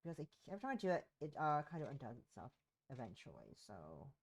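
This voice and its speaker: A woman's voice: a bass voice, sing-song, fast talker. A woman with a sore throat, streaming a game from home and chatting casually in a rambling, self-interrupting way. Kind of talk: casual gameplay chat.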